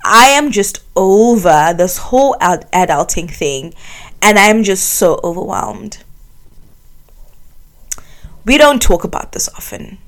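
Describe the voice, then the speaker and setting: A young South African woman with a mid-range, fairly bright voice hosts her own solo podcast, recording from bed in her bedroom. The casual chat is candid and confessional, packed with fillers like "um" and "like."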